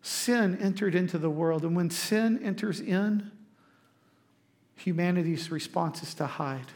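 High-voiced pastor preaching. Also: male voice, a little slow. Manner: lively storytelling, acting out quotes, addressing the congregation. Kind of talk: sermon.

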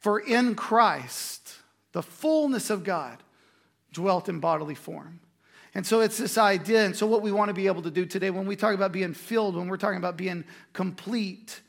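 A man preaching a sermon in a conversational way, with quick asides and restarts. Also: high-pitched, gravelly, fairly bright tone. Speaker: pastor.

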